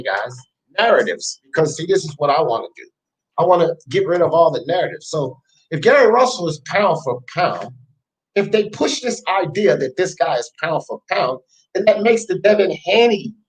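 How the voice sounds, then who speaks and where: A man's voice: high-pitched, rough recording. A man hosting a sports talk show, ranting scornfully and emphatically, repeating his jabs.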